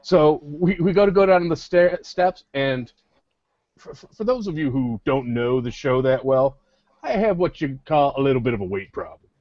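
Podcast host guy rambling thru a story, kinda high voice, dry muffled audio. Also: lively intonation, normal speed, no echo. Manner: rambling anecdotes, acts out friends' voices. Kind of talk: casual storytelling chat.

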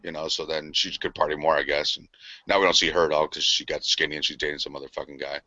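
A man's voice: extremely low pitch, level tone, fast talker, bright, forceful tone, no echo. A man in casual podcast chat, rambling and profane, acting out quotes as he tells stories. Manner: profane, rambling storyteller who acts out quotes. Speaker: podcast co-host. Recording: dull lo-fi podcast audio.

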